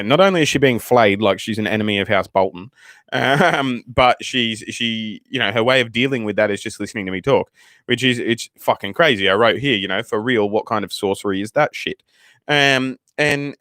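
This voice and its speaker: A man with an Australian accent spins a rambling, profane story for his viewers. His voice sits low, and the sound is close and dry, with no room around it. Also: dry recording. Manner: heavy swearing, animated and rambling. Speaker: channel host, new father. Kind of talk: casual storytelling to camera.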